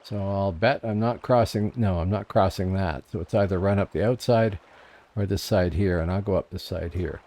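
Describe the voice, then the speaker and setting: A man's voice: deep voice, normal speed, darkish tone. A man streaming an online game, chatting casually as he plays and answers viewers in chat. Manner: chatty, musing aloud, reading chat. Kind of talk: casual gameplay commentary.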